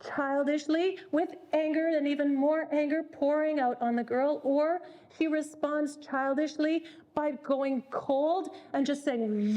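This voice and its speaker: High-voiced woman leading a workshop. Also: measured pace, few pauses, a little mellow. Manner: earnest, repeats words while thinking. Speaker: workshop leader. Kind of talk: parenting workshop talk.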